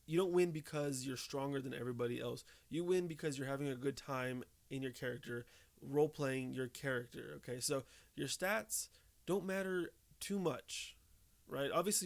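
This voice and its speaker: A young man giving casual tips to camera, talking conversationally and often checking in with "okay?" and "right?". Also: mid-range voice. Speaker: tabletop game tips host.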